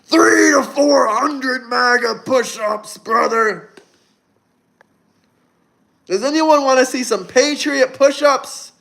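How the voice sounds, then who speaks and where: A young man doing an impression of a pro wrestler, hyping push-ups in a slow, drawling sing-song. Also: very high-pitched, creaky, bright, forceful tone, exaggerated voice. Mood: hyped.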